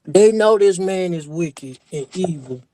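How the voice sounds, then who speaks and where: A man's voice: sits high, lively intonation, measured pace, dark tone, no room sound, studio quality. A man on a livestream who chimes in with short, indignant remarks backing up the main speaker. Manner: short affirming interjections, indignant. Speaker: participant on a livestream talk show.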